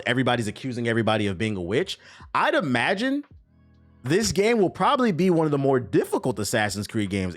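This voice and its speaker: Male gaming commentator, lively swinging pitch, blunt and profane, soft music behind him. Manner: blunt, animated, swears freely, mocks what he reads. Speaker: gaming commentator reacting to an article. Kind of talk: casual profane reaction commentary.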